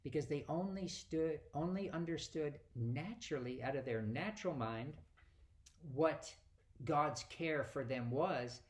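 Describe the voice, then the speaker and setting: A man's voice: fairly high pitch, unhurried. A man giving a conversational Bible teaching, asking rhetorical questions and acting out quoted dialogue.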